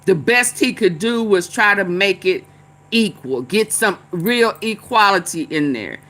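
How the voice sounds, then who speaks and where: Woman vlogger, casual commentary, chatty and laughing, slow unhurried delivery, bright tense tone. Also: mid-range voice, expressive. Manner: chatty, laughing, chanting refrains.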